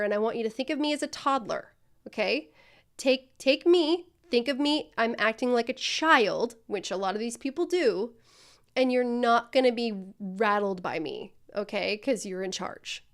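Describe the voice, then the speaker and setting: A woman's voice: on the high side, normal speed. A woman coaching a student through customer service role-play, speaking directly and encouragingly.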